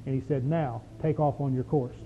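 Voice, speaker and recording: A man's voice: medium pitch, steady tone, moderate pace, breathy edge. A man preaching a sermon in a folksy manner, reading scripture aloud with emphasis. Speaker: pastor. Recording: dull lo-fi recording.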